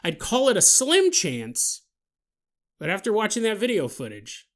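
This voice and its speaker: A podcast host with a high-pitched voice and huge swings in pitch riffs through a comedic monologue at a measured pace. He laughs often while acting out silly scenes.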